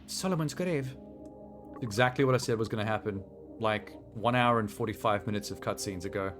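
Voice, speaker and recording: A man's voice: on the low side, fairly quick, over music. A man streaming a video game, chatting casually and rambling through asides with a self-deprecating humor. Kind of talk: casual live-stream commentary.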